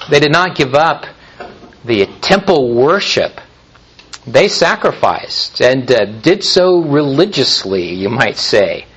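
A man preaching a sermon in a measured way, with frequent pauses and restarts. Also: a little high, a bit bright, husky, poor audio. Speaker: pastor.

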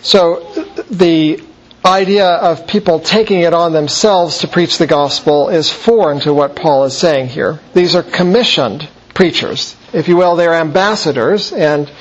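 A man with a slightly high voice walks through a Bible passage in an explanatory lecture. He pauses and corrects himself now and then. The recording sounds dull and lo-fi, with faint background hiss. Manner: explanatory, with fillers and self-corrections. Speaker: Bible teacher.

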